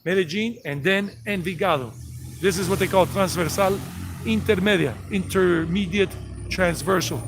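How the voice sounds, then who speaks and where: A man's voice: high-pitched, normal speed, background noise. A man with a Southern US accent, from South Carolina and Georgia, walking outdoors and chatting rambly through a street tour while greeting viewers. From South Carolina and Georgia, USA. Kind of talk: live-streamed walking tour narration. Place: outdoors on residential streets with passing traffic.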